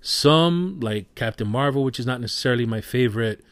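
A man's voice: medium pitch, expressive, a little fast, no room sound. A man giving a casual spoken movie review, passionate and rambling, who swears freely.

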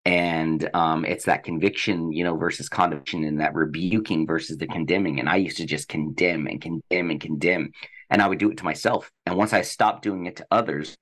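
Low-voiced man sharing earnest testimony. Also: steady tone, fairly quick, fairly bright tone. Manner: earnest and reflective. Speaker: podcast co-host. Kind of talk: personal faith testimony.

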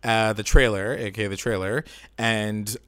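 A man's voice: lowish voice, steady tone, moderate pace, a bit bright, dry recording. A man co-hosting a casual recap chat, rambling and opinionated, filling his talk with "like". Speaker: podcast co-host.

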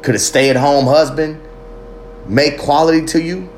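Male podcast host, higher-than-average voice, heated preachy rant full of profanity and challenges to the audience. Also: fairly even intonation, a little slow, a little hiss or hum. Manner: asks the listener pointed questions. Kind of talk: impassioned podcast monologue.

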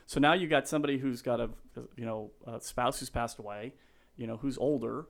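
Middle-aged male guest for an interview: sentimental and earnest, with a rambling, restart-heavy delivery. He sits in the middle of the pitch range. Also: fairly even intonation, brisk, gravelly. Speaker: real estate agent, guest. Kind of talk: casual podcast interview.

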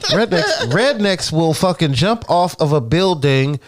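A man's voice: fairly high pitch, lively intonation, unhurried. Profane, joking man on a podcast. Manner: profane, emphatic, joking banter. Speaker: podcast co-host. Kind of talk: casual chat.

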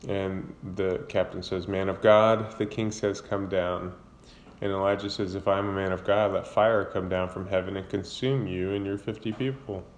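A man's voice: sits low, fairly even intonation, moderate pace. A man casually retelling a Bible book in his own words, with fillers and self-corrections. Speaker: Bible reader retelling scripture. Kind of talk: casual Bible summary and commentary.

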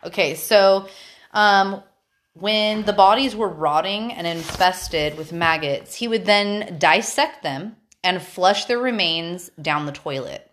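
This is a woman running a casual podcast after a bit of wine. Her voice sits a touch low, and she rambles loosely through the story. She laughs easily and swears often. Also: takes it slowly, a bit bright. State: a little tipsy from wine. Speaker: podcast host. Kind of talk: casual chat.

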